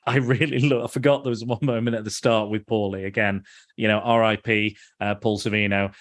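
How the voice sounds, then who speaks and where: A man's voice: lowish voice, little pitch movement, fairly quick. A man hosting a podcast, chatting casually about films in a rambling way with frequent restarts and easy laughter. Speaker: podcast host. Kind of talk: casual film chat.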